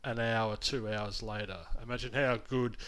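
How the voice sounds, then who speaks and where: A man's voice: medium pitch, fairly even intonation, normal speed, fairly bright tone, clean tone. A man co-hosting a podcast, talking in an upbeat, coaching way and swearing casually. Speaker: podcast co-host, program founder. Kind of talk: casual chat.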